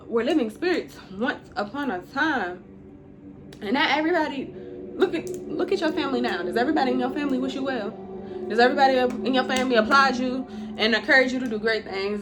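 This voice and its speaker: A woman giving a casual spiritual talk to her viewers. She is chatty, calls them y'all and laughs often. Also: a little high. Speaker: intuitive spiritual reader. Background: music.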